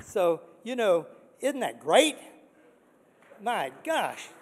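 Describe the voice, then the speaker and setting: An older man giving an earnest, excitable award acceptance speech, repeating words for emphasis. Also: high-pitched, drawn-out words, slight background noise. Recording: long reverb of a large hall.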